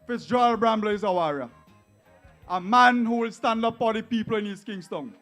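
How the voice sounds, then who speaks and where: A Vincentian man giving a fiery, mocking campaign rally speech, often shouting to the crowd. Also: very high-pitched, lively intonation, moderate pace, faint music behind. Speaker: political rally speaker.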